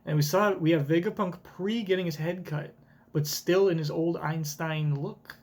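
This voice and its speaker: A man's voice: fairly high pitch, steady tone, moderate pace, a little mellow. A man streaming a live comic reaction, tossing out casual, chatty asides.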